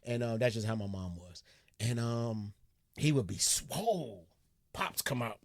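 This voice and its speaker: A man hosting a reaction video, chatting casually in a relaxed, slang-heavy way about his father. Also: mid-range voice, a little slow, gravelly, dry recording, clean studio sound. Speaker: reaction channel host.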